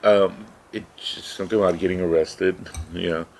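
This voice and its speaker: A man's voice: sits low, steady tone, normal speed, vocal fry, a little mellow. A middle-aged man co-hosting a podcast, telling a story in a casual rambling way, with many "right?" asides. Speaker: podcast co-host. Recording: faint background noise.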